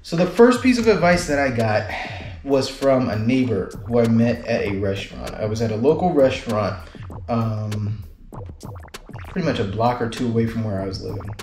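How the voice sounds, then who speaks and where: A man's voice: mid-range voice, animated, normal speed, a little mellow. A man talking casually to camera in a loose, rambling way, telling a story with lots of fillers and restarts. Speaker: vlogger. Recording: roomy echo, faint music behind.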